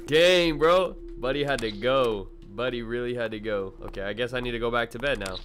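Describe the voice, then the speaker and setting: A young man doing gaming commentary to his chat, loud, excitable, slangy and quick to laugh. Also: mid-range voice, noisy background. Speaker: gaming YouTuber. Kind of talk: let's-play commentary.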